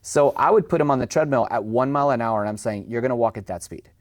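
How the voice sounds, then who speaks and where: A man's voice: mid-range voice, quick pace, no echo, studio quality. A man speaking as a dog trainer guest in a casual podcast conversation, chatty, acting out owners and dogs in raised voices.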